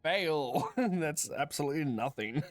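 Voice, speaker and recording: A man's voice: fairly high pitch, expressive, a little slow. A man playing a tabletop game, chatting casually and giggling often. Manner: giggly and playful. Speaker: player.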